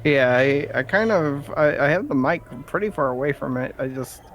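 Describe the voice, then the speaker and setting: A man chatting with a friend over voice chat, halting and self-deprecating, laughing often. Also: on the high side, expressive, a bit bright, soft background music. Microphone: boom microphone.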